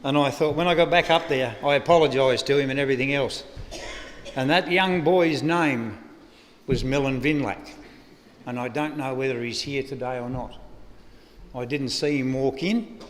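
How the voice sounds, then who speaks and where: A man's voice: medium pitch, moderate pace, slight background noise. A man with an Australian accent giving a eulogy, spinning a rambling, humorous yarn at a lectern microphone. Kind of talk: eulogy anecdote. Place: funeral service venue. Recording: echoey funeral hall.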